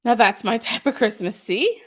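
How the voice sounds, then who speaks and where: A woman's voice: a little high, sing-song, normal speed, fairly bright tone. Gushing woman hosting a live shop stream. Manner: chatty and gushing, lots of filler ums; reads out viewer comments and answers them. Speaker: craft shop owner hosting a live sale. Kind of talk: casual live-stream chat.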